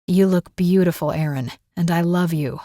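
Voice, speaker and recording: A man's voice: high-pitched, steady tone, normal speed, dark tone, no echo, studio quality, close to an everyday voice. A woman voicing a young man, an affectionate groom, in a romance audiobook. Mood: tender. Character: loving, eager young groom.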